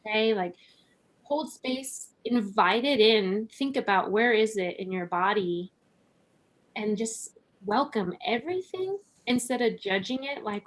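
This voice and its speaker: With an unhurried delivery and a mid-range voice, she talks as a podcast guest in a casual, reflective chat. Laughs come easily, as do fillers like "like" and "right?"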